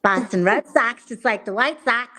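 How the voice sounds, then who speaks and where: A woman's voice: on the high side, normal speed, sharp tone. A woman from Chicago chatting casually on a live show, telling stories and laughing often. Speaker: live show chat participant. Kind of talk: casual chat.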